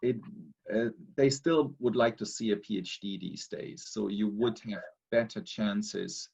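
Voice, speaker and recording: A man, a theology lecturer, talking in a measured, hesitant way with many fillers. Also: on the low side, gravelly, darkish tone. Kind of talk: webinar discussion.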